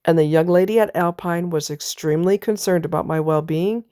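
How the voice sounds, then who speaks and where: A woman with a lowish voice speaks straight to the camera in a casual personal monologue. She tells her story bluntly and with emphasis, dropping the odd swear word. The sound is dry and close. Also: brisk, dark tone, smooth, no room sound. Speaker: vlogger.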